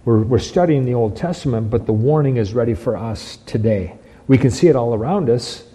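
A man's voice: mid-range voice, animated, fairly quick, mellow, breathy edge, poor audio. A man preaching a sermon as pastor, emphatic, repeating phrases and restarting lines.

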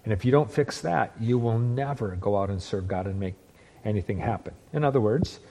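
Earnest preaching man with a mellow voice. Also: fairly low pitch. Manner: earnest preaching, slows down for emphasis, restarts phrases. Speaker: pastor. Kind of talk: sermon.

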